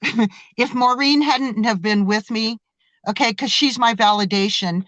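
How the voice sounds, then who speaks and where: A woman guest tells her story in a casual interview, excitable and animated, stumbling and restarting as she goes. Her voice sits a little high. The sound is close and dry. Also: measured pace, dry recording, rough recording.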